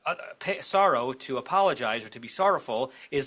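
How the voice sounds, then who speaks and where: A man's voice: mid-range voice, animated, fairly quick, hardly any pauses, pushed and bright. A man with an American accent, a rabbi teaching a text study class over a video call, explaining step by step and checking in with his listeners as he goes.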